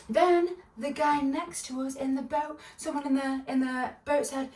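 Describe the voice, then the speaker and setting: A woman's voice: high-pitched, normal speed, hardly any pauses, distant mic. Giggly, rambling woman vlogger. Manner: bubbly, giggly, rambling with many side notes. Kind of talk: casual storytime. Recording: echoey room, voice a bit off-mic.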